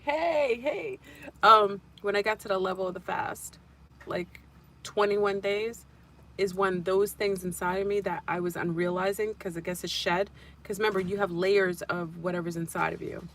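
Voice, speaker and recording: A woman's voice: lowish voice, gravelly, a little hiss or hum. A woman hosting a casual livestream, telling a spiritual story in a rambling way and repeating and restarting her phrases.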